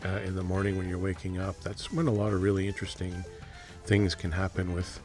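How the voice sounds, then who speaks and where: A man talking casually about his dreams, hesitant and rambling, with soft laughs. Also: deep voice, steady tone, brisk, faint music behind. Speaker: dream vlogger. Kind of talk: casual monologue to camera.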